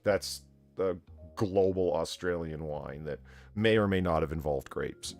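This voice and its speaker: A man's voice: low voice, measured pace, soft background music. A man hosting a casual chat show, chatting and reading out viewer messages. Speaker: podcast host reading donations.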